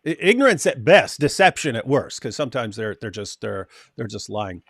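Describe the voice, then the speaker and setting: A man's voice: medium pitch, moderate pace, vocal fry, breathy edge, dry recording, clean studio sound. A man co-hosting a casual panel discussion, talking animatedly and stumbling over restarts. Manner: animated, acts out quoted voices, frequent restarts. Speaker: co-host.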